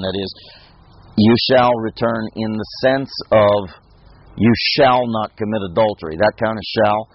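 Husky-voiced man teaching a casual Bible lesson. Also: on the low side, measured pace. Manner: conversational, repeats and restarts phrases, asks rhetorical questions. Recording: dull lo-fi recording.

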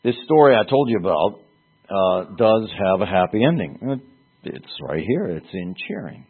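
A man preaching a sermon in an earnest, halting way, repeating words for emphasis. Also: on the low side, very animated, gravelly, slightly rough. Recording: tinny phone-like sound.

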